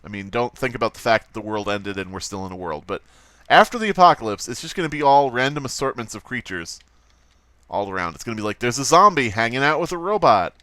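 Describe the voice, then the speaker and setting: A male let's-play host rambles through casual gameplay commentary at an ordinary mid pitch. He swears freely and keeps a wry, offhand tone. The recording is dry, with no room echo. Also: lively intonation, fast talker, pushed and bright.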